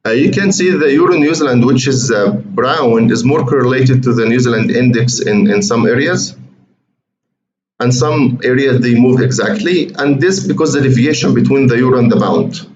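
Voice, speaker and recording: A trading educator speaks at normal speed in a medium-pitched voice with a darkish tone, walking viewers through charts on his shared screen. He's conversational and repetitive, regularly calling them "guys," and the recording sounds roomy and muffled with faint hiss.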